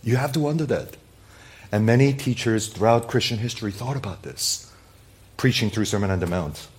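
A male pastor preaching a sermon, stacking up rhetorical questions and speaking straight to his listeners, rising to loud emphatic peaks and then dropping to quiet, low endings. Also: normal speed. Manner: addresses listeners directly as "people".

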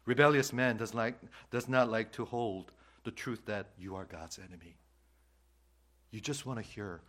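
A male pastor preaching a sermon, swinging between loud emphatic lines and hushed whispers, repeating key phrases for emphasis. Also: lowish voice, moderate pace.

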